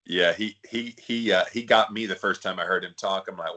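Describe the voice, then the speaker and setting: A man's voice: low-pitched, normal speed, sharp tone. A man with a polished South Carolina Southern accent, co-hosting a casual podcast in a friendly, chatty way with plenty of fillers. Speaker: podcast co-host.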